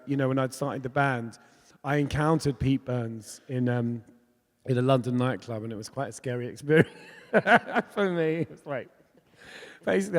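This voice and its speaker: This fifties-aged pop musician speaks at medium pitch, a little mellow, while sharing candid stories in an onstage festival conversation. He's talkative and laughs often, and the hall adds a long reverb to the sound.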